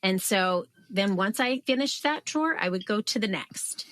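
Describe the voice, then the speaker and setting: A woman in her thirties, a guest on an interview podcast, telling her story in a lively way and acting out her own past outbursts. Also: mid-range voice, normal speed, no room sound. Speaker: guest, author.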